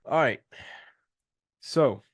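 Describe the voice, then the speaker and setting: A man's voice: extremely slow, no room sound, studio quality. A young man coaching on a live call, loose and slangy, talking with enthusiasm and restarting his sentences.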